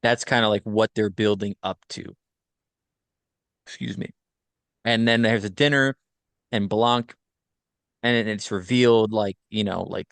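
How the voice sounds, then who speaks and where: A man casually recapping a film plot on a podcast, rambling with many fillers and quick self-corrections. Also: on the low side, creaky, fairly bright tone, clear, resonant tone, no echo. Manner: rambling, filler-heavy retelling. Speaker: podcast host.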